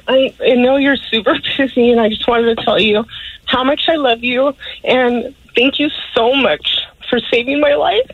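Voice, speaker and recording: A woman's voice: on the high side, moderate pace, husky. A woman calling into a radio show, heartfelt and grateful, holding back tears. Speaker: caller. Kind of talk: emotional phone call. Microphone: telephone. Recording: dull phone line.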